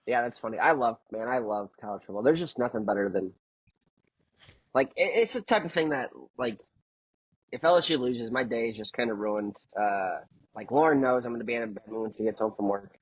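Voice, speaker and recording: A man's voice: medium pitch, a little fast, husky, no echo, lo-fi sound. A man co-hosting a casual sports podcast, talking in a rambling way full of filler words. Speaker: podcast co-host.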